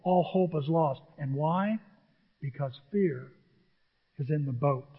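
Male pastor, sermon, dramatic loud and quiet swings, long church reverb. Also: fairly high pitch, slow, husky. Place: church sanctuary. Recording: dull echoey sanctuary sound.

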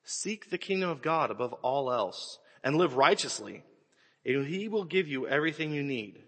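A man in his forties preaching a sermon, telling stories with animated swings and sudden shouts. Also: on the high side, normal speed. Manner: animated storytelling, bursts into shouts. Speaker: pastor. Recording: echoey hall with long reverb.

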